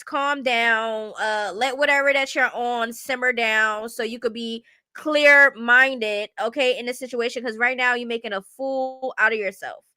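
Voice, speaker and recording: Bright, high-voiced blunt woman commentator. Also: dry recording, clean studio sound. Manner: blunt, chatty, keeps asking "you get what I'm saying". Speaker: stream commentator. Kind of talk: casual reaction commentary.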